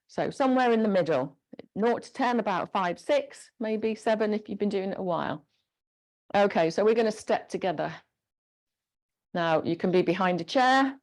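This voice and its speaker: A woman instructor leading a gentle guided exercise class, encouraging and giving step-by-step movement cues. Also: fairly low pitch.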